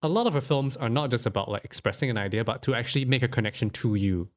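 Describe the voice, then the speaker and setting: A man's voice: medium pitch, fast talker. A man hosting a film podcast, talking casually with lots of fillers and frequent laughter. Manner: laughs often, filler-heavy, animated. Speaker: podcast host.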